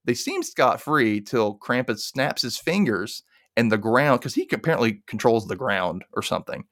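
A man casually recapping a movie's plot, chatty and dropping into quick character voices. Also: medium pitch, animated, a bit bright, dry recording, studio quality.

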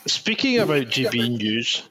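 A man's voice: medium pitch, sing-song, a little slow, over a noisy crowd. A man co-hosting a podcast, chatting wryly about politics and swearing casually. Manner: wry, agreeing, swears casually. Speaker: podcast co-host.

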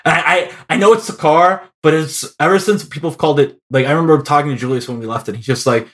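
Animated young man, podcast chat. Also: fairly high pitch, quick pace, hardly any pauses. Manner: animated, acts out quotes in put-on voices. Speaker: podcast co-host.

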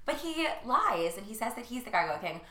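A woman's voice: fairly high pitch, fast, crowd noise. A woman co-hosting a podcast, chatting casually and laughing as she retells scenes from a TV show. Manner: laughing, chatty, animated storytelling. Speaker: podcast co-host. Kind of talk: casual chat about a TV show. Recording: roomy echoey room.

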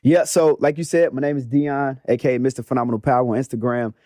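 Fast-talking male coach explaining finance. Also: mid-range voice, dry recording, clean studio sound. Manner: energetic, explanatory, acts out quoted voices. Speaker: guest, mindset and financial literacy coach. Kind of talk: casual interview chat.

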